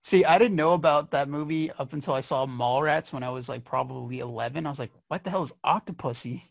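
A man co-hosting a podcast in casual chat, telling an anecdote with animated quoted lines. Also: fairly high pitch, quick pace, vocal fry. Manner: animated storytelling, quoting others. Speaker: podcast co-host.

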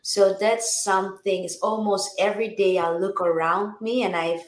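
A woman's voice: medium pitch, fairly even intonation, normal speed. Woman guest with a roomy echo. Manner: reflective, repeats words and restarts often. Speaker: singer-songwriter guest. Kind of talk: casual interview chat.

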